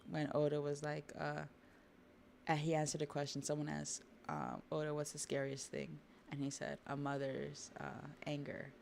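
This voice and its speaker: A woman hosting a livestream, chatting casually about a manga while drawing, with relaxed asides to her viewers. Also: low voice, moderate pace, creaky, slight background noise. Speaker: livestream host.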